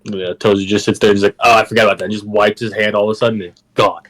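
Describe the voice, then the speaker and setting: A man plays his character in a tabletop game, speaking in a lowish, casual voice. He hesitates and says "like" often. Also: little pitch movement, fast, poor audio. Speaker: player. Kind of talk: tabletop role-play.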